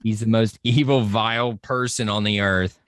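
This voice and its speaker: A man chatting excitedly on a podcast, full of enthusiasm and rushing from point to point with many fillers. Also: fairly low pitch. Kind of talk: casual podcast chat.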